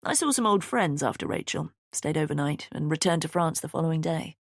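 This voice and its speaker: A woman voicing a composed middle-aged man in an audiobook, measured and reasonable in tone. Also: low voice, animated, dry recording, clean studio sound. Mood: calm.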